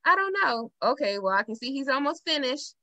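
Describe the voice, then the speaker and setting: A woman hosting a casual podcast chat, telling a story with animated acted-out quotes. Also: high-pitched, brisk, very noisy. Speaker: podcast host.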